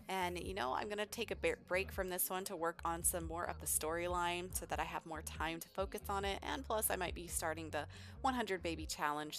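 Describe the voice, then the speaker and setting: A woman's voice: lowish voice, a bit bright. A woman hosting a let's play, chatting in an upbeat, rambling way. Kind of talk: casual game commentary.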